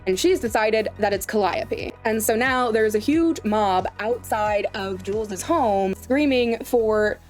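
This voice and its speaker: A woman's voice: medium pitch, slow pace, few pauses, soft background music. A woman hosting a casual, chatty recap of a series, digressing and asking rhetorical questions. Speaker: show host recapping a series.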